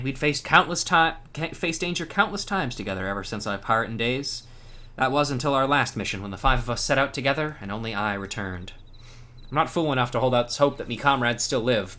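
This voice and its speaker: A man's voice: medium pitch, bright, forceful tone. A man putting on a salty old pirate woman. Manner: pirate brogue.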